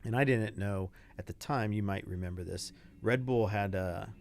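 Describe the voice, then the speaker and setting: An older man, a retired Navy pilot, telling animated stories as an interview guest and acting out the people he quotes. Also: fairly low pitch, moderate pace, vocal fry, slight background noise. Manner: animated anecdotes, acts out quoted voices. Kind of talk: casual interview storytelling.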